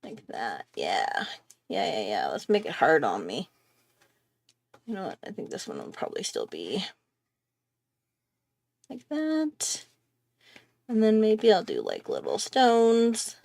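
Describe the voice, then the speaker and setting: A woman's voice: mid-range voice, wildly swooping pitch, slow, vocal fry, long pauses, darkish tone. Chatty woman hosting a drawing stream. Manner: chatty and rambling, thinking aloud while drawing. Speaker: art tutorial host. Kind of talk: casual live drawing tutorial.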